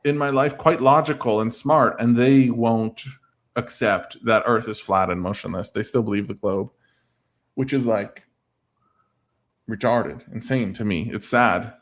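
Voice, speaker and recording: A man's voice: mid-range voice, a little slow. A man talking casually on a livestream. He rambles, filling his speech with "like" and "I don't know", and reads out and answers viewer comments.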